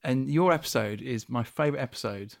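Talking a little fast, with vocal fry in his medium-pitched voice, a man hosts a podcast and fires off questions with chatty enthusiasm in a relaxed interview.

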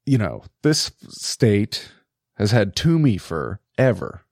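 A man's voice: fairly low pitch, slow pace, dry recording, clean studio sound. A man co-hosting a podcast, talking politics casually with lots of swearing and laughter. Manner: profane, animated, laughs often. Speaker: podcast co-host.

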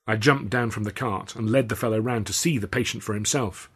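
A man's voice: on the low side, a little fast, fairly bright tone, husky. A man reading his own first-person story aloud in a wry, dry storytelling manner. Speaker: author and reader.

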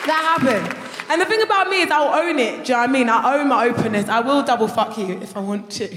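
A young woman performing a loud, brash stand-up comedy routine on a theatre stage, breaking into shouts as she tells her story. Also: a little high, expressive, quick pace, a faint crowd, a little hiss or hum. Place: theatre stage before a live audience. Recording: echoey hall with loud audience laughter.

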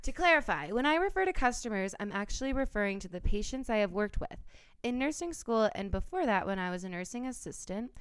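A woman's voice: medium pitch, fairly bright tone, clean tone, no room sound. A woman hosting a casual podcast, reading a listener's story aloud and laughing often.

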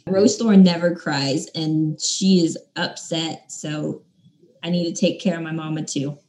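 A woman's voice: sits low, steady tone, unhurried, a little mellow, roomy sound. A young woman co-hosting a casual book discussion, gushing over scenes and acting out the characters' lines playfully. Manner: gushing, retells scenes with playful quoted voices. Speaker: book podcast co-host.

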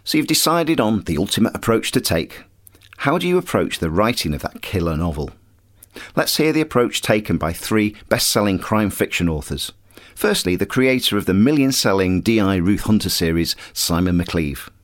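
A man's voice: lowish voice, big pitch swings, normal speed. A man hosting a podcast, narrating scripted links that introduce his guests' clips. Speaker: podcast host.

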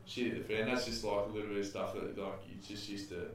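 A young man talks as a podcast guest, rambling and restarting as he tells stories in plenty of slang. His voice sits fairly low. He is picked up from a distance, in a very echoey room. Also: little pitch movement, a little hiss or hum. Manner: rambling, halting storytelling with slang. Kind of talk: casual chat. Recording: roomy echo, mic at a distance.

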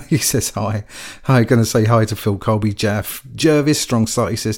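A man's voice: on the low side, moderate pace. A man hosting a live radio music show, chatting casually and reading out messages from listeners. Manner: relaxed, chatty, reads chat messages with small laughs.

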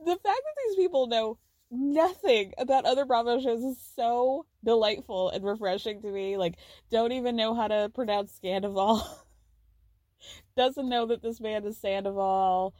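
Podcast lady recapping reality tv, chatty and giggly, kinda high voice, dry close mic. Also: measured pace, no room sound. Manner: chatty, giggly, animated storytelling. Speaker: podcast host.

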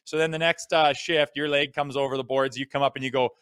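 A man in his thirties, a co-host and former hockey player, chatting casually and telling relaxed stories with some swearing. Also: medium pitch, fast talker, smooth, no room sound, clean studio sound. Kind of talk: casual podcast chat.

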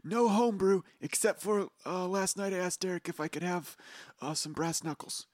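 A man's voice: sits high, moderate pace, a little mellow, no echo, studio quality. A man playing in a casual tabletop game, eager and joking, often cutting in. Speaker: player.

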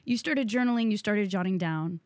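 A woman hosting a podcast interview, asking eager, fast-paced questions in a casual way. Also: medium pitch, darkish tone, dry recording, clean studio sound. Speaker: podcast host.

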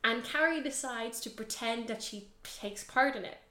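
A young adult woman co-hosting a podcast, casually recapping a TV series in an animated way, full of fillers and swearing. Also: a little high, moderate pace, reverberant. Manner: animated, heavy filler use, swears freely. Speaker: podcast co-host.

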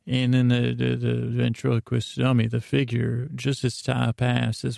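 A male podcast host spins a comic story, rambling and halting as he goes. His voice is deeply gravelly and mellow-toned, with a flat pitch. The sound is close and dry. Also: dry recording. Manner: rambling, halting, full of restarts.

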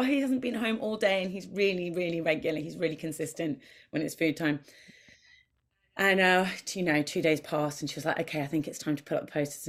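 A woman guest on a podcast, chatting and telling lively anecdotes, acting out what she and others said. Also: on the low side. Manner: animated storyteller who acts out voices and quotes.

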